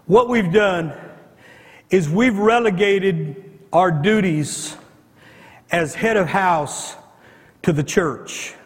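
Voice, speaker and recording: A male pastor preaching a fervent sermon, repeating himself and firing rhetorical questions, at times rising to shouts. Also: sits high, very slow, long pauses. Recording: long hall reverb.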